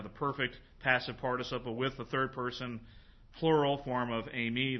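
A man lectures informally on a Greek New Testament passage, his voice sitting in an ordinary middle pitch. He thinks aloud with plenty of fillers and slows down to read the Greek words with care. The recording is somewhat dull and lo-fi.

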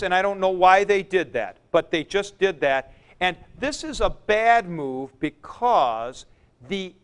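A man teaching a classroom lecture, explaining deliberately with frank asides to his students. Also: sits high, a bit bright, smooth. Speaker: Greek teacher.

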